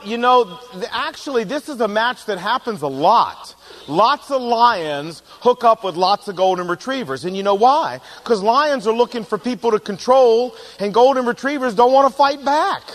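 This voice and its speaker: Man, high-pitched, humorous seminar speaker, animated storyteller. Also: normal speed. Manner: animated storyteller who acts out quoted voices. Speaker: speaker on personality types in marriage.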